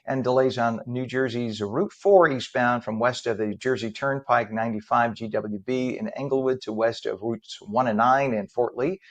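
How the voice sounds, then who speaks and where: A middle-aged man hosts a morning TV show in a chatty, slightly rambling way. His voice sits at an ordinary mid pitch, and he moves easily between banter, traffic reports and guest introductions. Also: normal speed, hardly any pauses. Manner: chatty, rambling, self-deprecating. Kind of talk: live TV news and talk hosting.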